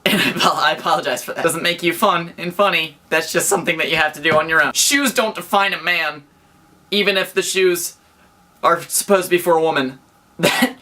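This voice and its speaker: A young American man vlogging casually from his bedroom, excitable and jokey, rambling with frequent restarts. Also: fairly high pitch, brisk. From United States. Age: young adult. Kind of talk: casual vlog to camera. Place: bedroom indoors.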